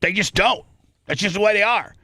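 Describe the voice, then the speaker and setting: A man's voice: sits high, fairly quick, creaky, dry recording, clean studio sound. A male radio show host telling a story in a casual way, putting on the voices of the people in it. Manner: animated, acts out other people's voices in his story.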